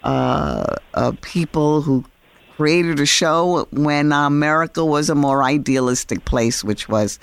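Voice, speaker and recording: An older woman from New York City, a guest in an interview, speaking in a reflective way with hesitant pauses. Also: sits low, lively intonation, vocal fry, clean tone. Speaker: author and TV actress, guest. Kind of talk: interview conversation.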